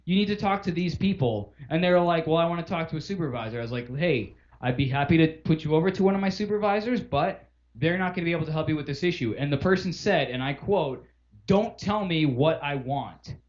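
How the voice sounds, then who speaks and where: A man with a slightly high voice rants in casual podcast chat, swearing freely and acting out both sides of phone calls. The audio is dull and lo-fi. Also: animated, quick pace, few pauses, darkish tone. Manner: profane, exasperated ranting with acted-out phone calls. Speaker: podcast co-host.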